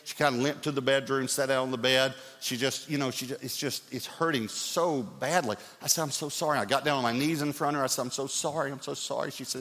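A middle-aged man preaching a sermon as pastor, telling stories in an animated, lively way. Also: medium pitch, quick pace, hardly any pauses. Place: church sanctuary. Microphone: stage mic. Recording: long hall reverb.

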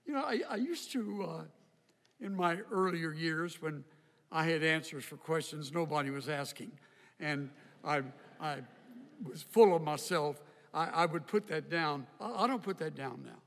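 An older man preaching a sermon in a slow, reflective way, with emphatic rises. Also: fairly high pitch, fairly bright tone. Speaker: pastor. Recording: hall reverb.

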